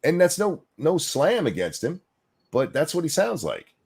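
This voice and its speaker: A man's voice: on the high side, huge pitch swings, moderate pace, creaky, a little mellow, husky. A man co-hosting a casual political chat stream, ranting with profanity and sarcasm and reading chat comments aloud. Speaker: co-host.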